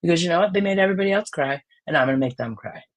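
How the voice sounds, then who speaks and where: A podcaster with a raspy voice, chatting casually in a blunt, heated way that swings from loud outbursts to low mutters. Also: lively intonation, racing. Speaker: podcast co-host.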